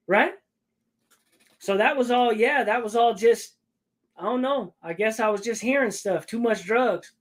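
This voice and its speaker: In an unhurried, high-sitting voice, a man rambles through a lengthy story during casual chat, repeatedly checking in with "right?" to keep the listener with him.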